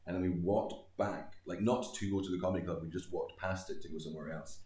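Scottish man, very low voice, quick talker, rambling storyteller, echoey room. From Scotland. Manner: animated, rambling anecdotes with many fillers. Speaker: guest comedian. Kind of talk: casual podcast storytelling.

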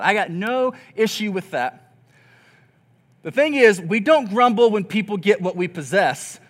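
High-voiced pastor preaching conversationally. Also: male voice, expressive, moderate pace, a bit bright. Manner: conversational, acts out grumbling people. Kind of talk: sermon.

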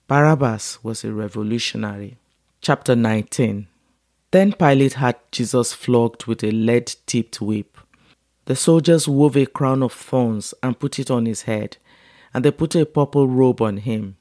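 A man reading scripture aloud at a measured, unhurried pace. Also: mid-range voice, a little mellow, no echo, studio quality. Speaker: Bible reader.

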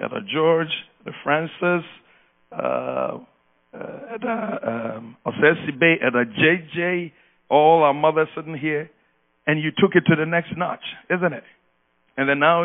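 An emphatic male pastor preaching with call-and-response. His voice sits a little high and comes through thin and phone-like, with a steady mains hum underneath. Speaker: outgoing pastor. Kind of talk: sermon.

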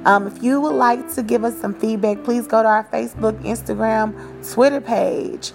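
A woman's voice: on the high side, fairly even intonation, fairly quick, creaky, hardly any pauses, a little mellow. Woman in her 30s giving a pep talk on her podcast, casual slangy and encouraging, a little music underneath. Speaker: podcast host. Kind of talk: motivational podcast monologue.

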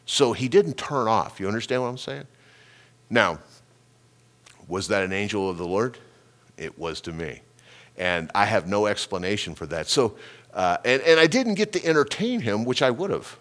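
A middle-aged man preaches to a congregation, weaving a personal story into his sermon. His voice rises and falls across a wide, lively range. He stumbles over repeated words and acts out sounds. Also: mid-range voice. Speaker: pastor.

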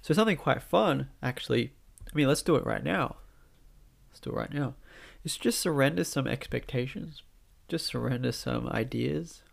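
A man with a blocked nose and a nasal voice, giving a gentle, reflective spiritual talk. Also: medium pitch, moderate pace, creaky.

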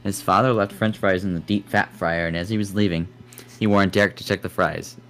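Low-voiced man reading a silly horror story. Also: fairly even intonation, brisk, fairly bright tone. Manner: jokey, adds swearing, laughs at his own lines. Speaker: podcast co-host. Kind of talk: reading a scary story aloud, casual chat.

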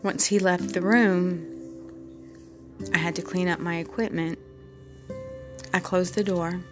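A woman, a respiratory therapist, telling a personal story in an earnest, halting way, often repeating herself. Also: lowish voice.

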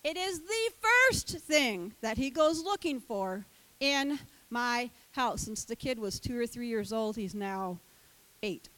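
An older woman who teaches Sunday school, giving an animated sermon and acting out the voices of the characters. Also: a little high, slow, low-quality recording.

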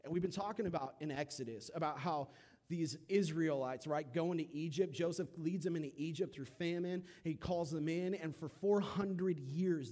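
A young man preaching a sermon, retelling a Bible story with lively voices for its figures. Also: fairly high pitch. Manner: animated storytelling, acting out voices of biblical figures. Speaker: pastor.

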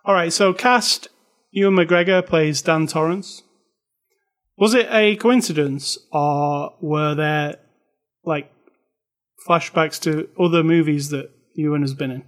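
A man with a fairly high voice chats casually and confidently. He is opinionated and often restarts his sentences with repeated words. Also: takes it slowly. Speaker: co-host discussing a film. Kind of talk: casual chat.

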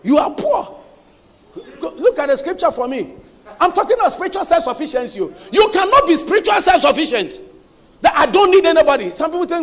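Man, pastor, very high voice, emphatic call-and-response sermon, long hall reverb. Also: very animated, a little fast, fairly bright tone. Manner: emphatic preaching, quizzing the congregation to finish his lines. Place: church hall.

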